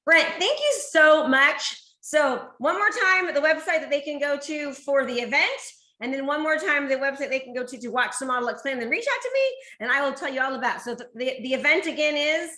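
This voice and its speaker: A woman's voice: high-pitched, expressive, fairly quick, pushed and bright. A woman hosting an interview, effusive and upbeat as she talks about coaching and support. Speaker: host and real estate coach. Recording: echoey room.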